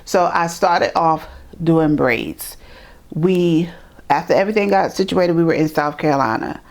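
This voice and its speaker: Middle-aged woman guest, animated storyteller, slightly low voice. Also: a little slow, gravelly. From New York. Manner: animated, acts out quoted voices, repeats words. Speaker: interview guest. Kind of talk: storytelling in conversation.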